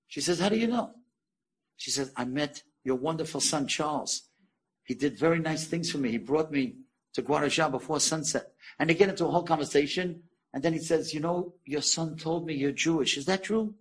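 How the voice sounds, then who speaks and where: A man, a rabbi, telling an inspirational story to an audience, acting out the dialogue with big jumps in pitch and asking his listeners questions. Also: husky. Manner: animated, acts out quoted dialogue with sudden high pitch jumps; asks the audience direct questions.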